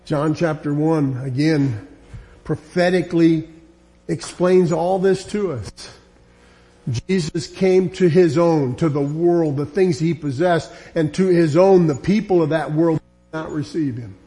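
A man's voice: fairly high pitch, mellow. A man preaching a sermon, building emphatic, repetitive lines that grow more insistent.

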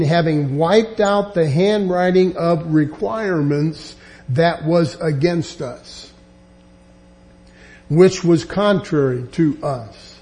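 Male Bible teacher, fairly high voice, warm tone, earnest, restarts a lot. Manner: earnest, emphatic, with frequent restarts. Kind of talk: verse-by-verse Bible lesson.

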